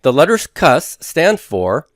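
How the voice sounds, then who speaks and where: A man's voice: a little high, very animated, slow pace, no echo, clean studio sound. A man teaching a lecture, explaining rules step by step and asking the class rhetorical questions. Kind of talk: recorded lecture.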